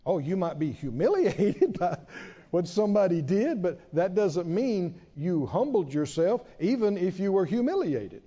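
A man preaching a sermon, emphatic, asking many rhetorical questions and pausing for effect. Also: high-pitched, big pitch swings, dark tone. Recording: dull reverberant hall sound.

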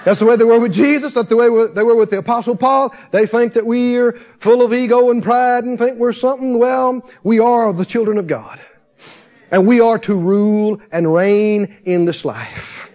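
A man preaching a sermon, animated, with shouts and call-and-response to the congregation. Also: very high-pitched, normal speed, dull audio.

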